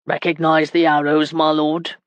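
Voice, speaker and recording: A woman voicing a loyal male vassal who speaks in a polite, measured way. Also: deep voice, level tone, dry recording, lightly acted. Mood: respectful.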